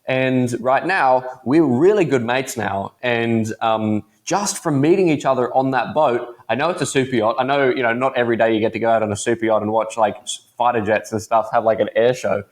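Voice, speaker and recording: A teenage man with an Australian accent talks as a podcast guest. He tells stories in a relaxed, chatty, easygoing way. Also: mid-range voice, fairly quick, hardly any pauses. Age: teens. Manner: laid-back, chatty storyteller. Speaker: guest entrepreneur. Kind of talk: casual podcast interview.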